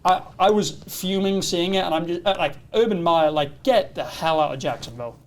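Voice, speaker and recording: A man with a notably high voice, co-hosting a casual podcast chat. He talks in an animated, ranting way, piling up complaints. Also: fairly quick, slight background noise. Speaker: podcast co-host.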